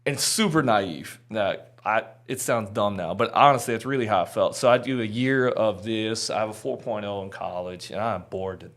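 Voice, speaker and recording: A man's voice: on the low side, moderate pace, hardly any pauses, a bit bright. A man guest on a podcast, telling his personal testimony in an earnest, candid, chatty way with frequent fillers.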